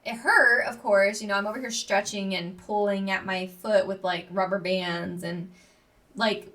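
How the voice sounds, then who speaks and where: A woman's voice: mid-range voice, fairly even intonation, unhurried, sharp tone, recorded from a distance. A young woman, hosting a casual solo podcast in a bubbly, gushing way, full of fillers. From Texas. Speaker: podcast host.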